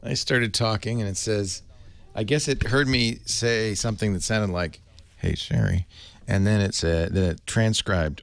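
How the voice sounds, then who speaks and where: A man's voice: fairly low pitch, a little slow, gravelly, dry recording. A man hosting a tech call-in radio show, talking casually and joking, with frequent laughs. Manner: playful, joking, laughs often.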